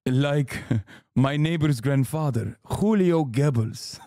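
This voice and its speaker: A man's voice: on the high side, takes it slowly, warm tone, no echo, studio quality. A man putting on a mock-offended Argentine man. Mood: mock indignant. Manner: mocking, exaggerated. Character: mocked Argentine man, defensive, grandson of a Nazi.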